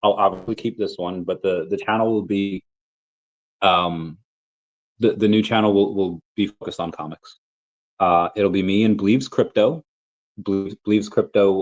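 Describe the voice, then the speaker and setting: A man's voice: low voice, lo-fi sound. A man in his thirties with the flu, coughing now and then, hosting a casual livestream Q&A and rambling through his thoughts with many restarts. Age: 30s. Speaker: crypto livestream host.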